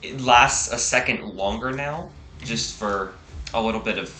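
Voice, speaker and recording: A man's voice: mid-range voice, measured pace, bright, forceful tone, faint music behind. A man co-hosting a casual game development update, walking through menus step by step with the odd stumble. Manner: chatty, explains step by step, occasional stumbles. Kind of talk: casual walkthrough of a game menu. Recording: roomy echoey room.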